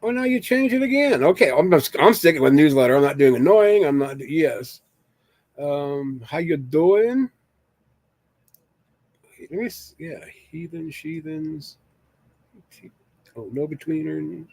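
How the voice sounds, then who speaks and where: A man's voice: on the high side, expressive, a little slow, gravelly, pauses often, a little mellow, no echo. Chatty man streaming alone, dry close mic. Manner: rambling, jokey, reads chat aloud. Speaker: live streamer. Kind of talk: casual live-stream chat with viewers.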